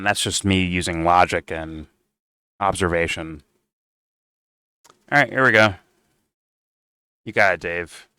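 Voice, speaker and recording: A man's voice: on the low side, bright, forceful tone, smooth, no echo, clean studio sound. Sarcastic man mocking a debate clip. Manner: sarcastic and mocking, swears freely. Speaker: commentary streamer. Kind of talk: reaction commentary.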